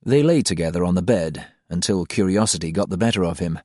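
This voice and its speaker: A man narrating an audiobook in a calm, unhurried reading. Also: low-pitched, no echo, clean studio sound.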